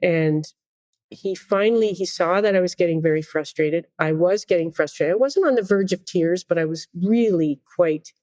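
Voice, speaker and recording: A middle-aged woman, a conductor, telling a story in a podcast interview, animated, acting out quotes and laughing often. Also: lowish voice, normal speed, no room sound. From Canada. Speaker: guest conductor.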